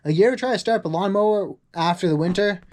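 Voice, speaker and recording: A young man talking casually in a rambling vlog monologue, full of "like" asides, acting out quoted people in a higher voice. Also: fast, darkish tone. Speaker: vlogger.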